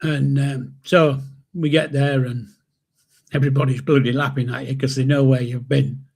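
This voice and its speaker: A man's voice: medium pitch, level tone, normal speed, creaky, darkish tone, breathy edge. An older man hosting a live stream, telling a story in a rambling, chuckling way with mild swearing. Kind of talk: casual storytelling.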